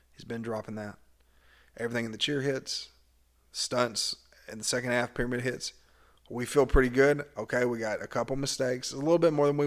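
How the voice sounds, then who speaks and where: A man, a cheer coach, casually retelling a past season in a candid, animated way with some swearing. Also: medium pitch. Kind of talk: casual memoir storytelling.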